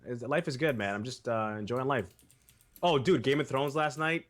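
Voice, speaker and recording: A man's voice: mid-range voice, moderate pace, a bit bright. Laid-back man host. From Massachusetts. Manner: laid-back, says man and dude a lot. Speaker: podcast host. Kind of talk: casual chat.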